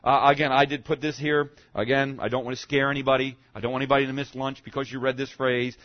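A man preaching a conversational sermon as a pastor, often checking in with the congregation and restarting his sentences, rising to emphatic peaks and dropping to quiet asides. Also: brisk, no room sound. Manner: conversational, keeps asking "okay?", stammering restarts; swings between emphatic rises and low quiet asides. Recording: dull, muffled lo-fi recording.

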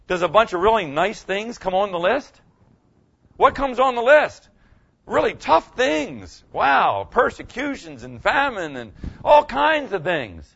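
An older pastor speaks unhurriedly in a high-pitched, creaky, husky voice with a fairly bright tone and big swings in pitch. His sermon is folksy and talky, and he regularly asks the audience "okay?" The audio is dull.

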